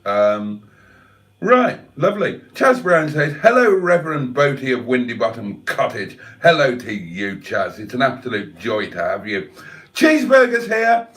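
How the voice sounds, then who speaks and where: Lively, wry man on a livestream. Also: mid-range voice, a little slow, far from the mic. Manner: playful, wry and mock-theatrical. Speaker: livestream host reading chat. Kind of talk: casual chat.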